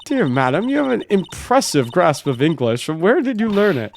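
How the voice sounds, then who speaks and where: A man's voice: high-pitched, big pitch swings, normal speed, gravelly, a little hiss or hum, voice pushed up, exaggerated voice. A man voicing a stern, formal older woman who speaks with cold politeness. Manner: prim, formal, coldly polite.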